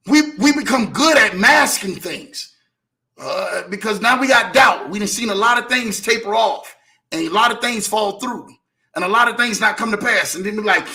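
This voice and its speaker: High-pitched, bright, shouting man preacher. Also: gravelly. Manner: preachy, repeats lines, often shouts. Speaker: host. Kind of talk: motivational faith talk.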